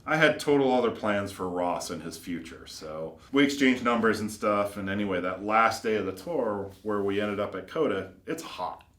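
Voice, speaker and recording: Low-voiced man telling rambling stories. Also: expressive, moderate pace, hardly any pauses, fairly bright tone. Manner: rambling, filler-heavy, acts out quoted voices. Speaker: custom car builder and shop owner. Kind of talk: casual anecdotal storytelling. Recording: roomy echo.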